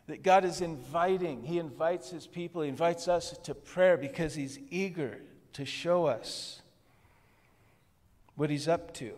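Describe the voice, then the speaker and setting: A man preaching to his congregation in a relaxed, conversational way, breaking into soft laughs now and then. His voice sits a little high. Long reverb from the church hall trails behind his words. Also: unhurried. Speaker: pastor. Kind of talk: sermon. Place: church worship service.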